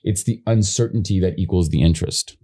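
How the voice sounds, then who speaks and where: A man hosting a podcast, talking casually about acting technique in a blunt, animated, teasing way with the odd swear word. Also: low-pitched, brisk. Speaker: podcast host.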